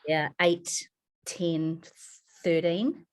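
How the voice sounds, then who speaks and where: A woman's voice: lowish voice, very slow. A woman with a New Zealand accent, a podcast guest telling her adoption story candidly, acting out voices as she goes. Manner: lively, swears, acts out voices in her story.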